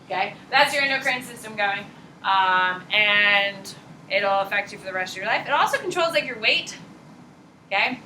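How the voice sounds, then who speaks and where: Bright, animated woman teacher lecturing. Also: mid-range voice, normal speed, slight background noise. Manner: animated, casual, blunt with swearing. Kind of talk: classroom lecture. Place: classroom. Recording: echoey classroom from far off.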